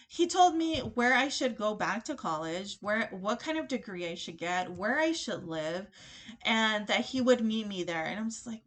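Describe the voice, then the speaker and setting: A young woman with a slightly high voice hosts her own podcast, recounting a personal story into a desk microphone. She chats casually and animatedly, piling on fillers and quoted dialogue. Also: animated, moderate pace, a bit bright. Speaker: podcast host.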